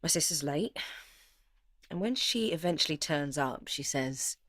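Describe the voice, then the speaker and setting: A woman's voice: low-pitched, expressive, unhurried, fairly bright tone, dry recording, studio quality, heavily acted. An actress playing a young woman playwright who narrates her life in an intense, confessional voice. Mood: weary. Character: young woman playwright, anxious, grieving and bitter. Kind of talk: dramatic first-person narration.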